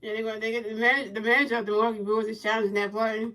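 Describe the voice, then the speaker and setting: A woman livestreaming a baseball video game, giving playful play-by-play commentary, teasing her chat with repeated questions and sing-song pitch calls. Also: little pitch movement, rapid-fire, a bit bright, rough recording. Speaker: gaming livestreamer.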